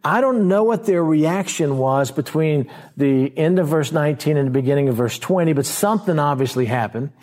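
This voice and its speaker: A man preaching a verse-by-verse sermon in a conversational way, slowing down to stress key words and acting out scenes in quoted voices. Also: a little high, expressive, a little mellow. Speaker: pastor.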